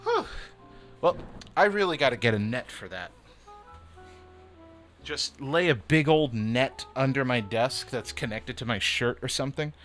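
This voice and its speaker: A man's voice: mid-range voice, animated, unhurried, long pauses, fairly bright tone, faint music behind. Rambling, chatty male streamer. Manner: rambling, chatty, casual swearing. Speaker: streamer building model kits. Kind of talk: casual live-stream chat.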